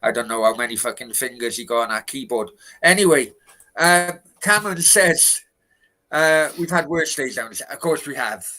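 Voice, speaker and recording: A man's voice: mid-range voice, normal speed, pushed and bright, rough recording. A man co-hosting a casual football talk show from a hotel room, ranting and swearing about his club's transfers. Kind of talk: casual chat.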